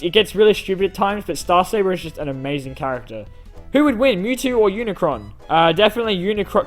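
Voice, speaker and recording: Young male YouTube host, slightly high voice, casual self-deprecating Q&A, faint music underneath. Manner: self-deprecating, rambling with fillers. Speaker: YouTube channel host answering fan questions. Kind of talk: casual Q&A reading comments aloud.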